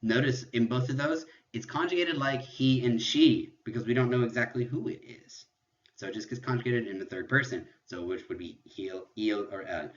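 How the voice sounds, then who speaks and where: A man teaching a French lesson in a recorded lecture, patiently explaining and repeating examples slowly. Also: medium pitch, muffled recording.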